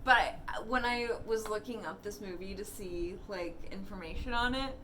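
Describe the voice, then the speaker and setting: A woman co-hosting a casual movie-rant chat at home, animated, swearing freely and laughing often. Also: medium pitch, moderate pace, a little hiss or hum, low-quality recording. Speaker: podcast co-host.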